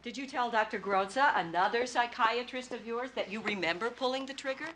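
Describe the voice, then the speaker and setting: Casting: actress as a pointed, probing prosecutor, bright voice, slightly high. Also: female voice, fairly quick, a little hiss or hum, lightly acted. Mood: pressing. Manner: probing, pointed cross-examination. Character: sharp, relentless female prosecutor. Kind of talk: TV movie courtroom drama.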